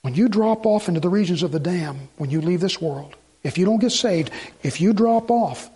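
A man preaching a sermon as pastor, swinging between loud urgency and hushed pleading. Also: high voice, lively intonation, normal speed, slightly rough.

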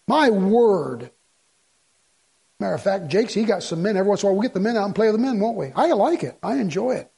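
A middle-aged man preaches with a husky, slightly breathy voice set high for a man. He speaks in a folksy, emphatic way, pressing his listeners with rhetorical questions. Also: darkish tone. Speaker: pastor. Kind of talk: sermon.

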